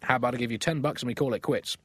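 A man's voice: medium pitch, very fast, slightly rough, no echo, clean studio sound, close to an everyday voice. Man doing a blunt, grumpy farmer. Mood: defiant. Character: stubborn, grumpy male farmer.

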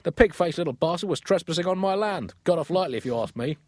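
A man's voice: fairly high pitch, animated, quick pace, no room sound, studio quality, pitched above the performer's own voice. Comic bit: man doing a grumpy, pig-shooting farmer who won't back down, raised voice. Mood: defiant. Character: stubborn, grumpy male farmer.

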